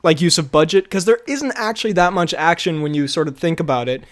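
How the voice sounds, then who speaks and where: Young male podcast co-host, casual and rambling, a bit high-pitched. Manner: rambling, filler-heavy, quick to laugh. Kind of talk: casual chat.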